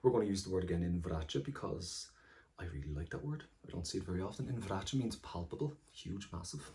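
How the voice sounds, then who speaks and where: A man's voice: sits low, lively intonation, brisk, a little mellow. A man with an Irish accent, teaching exam vocabulary and explaining each word in turn in an encouraging way. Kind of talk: exam-prep lesson.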